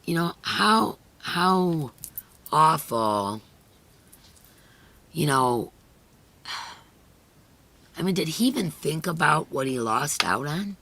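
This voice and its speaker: A middle-aged woman hosting a crochet live stream, chatting earnestly and emotionally with viewers, her voice hoarse and fading. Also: low-pitched, big pitch swings, slow pace, pauses often, sharp tone. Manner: earnest and emotional, many "you know" fillers. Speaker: crochet channel host. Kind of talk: casual chat on a live stream, reading viewer comments.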